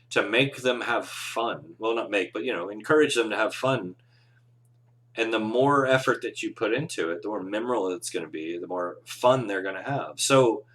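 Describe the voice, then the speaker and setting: A man's voice: fairly low pitch, fairly bright tone. A man who runs tabletop games, giving casual, earnest advice on a live show with encouraging, rambling talk. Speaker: game master, podcast host.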